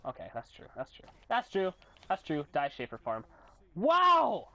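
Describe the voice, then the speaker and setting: A young man giving rambling, goofy commentary while recording his own game, often bursting into yells and silly voices. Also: a little high, sing-song, moderate pace. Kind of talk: gameplay commentary.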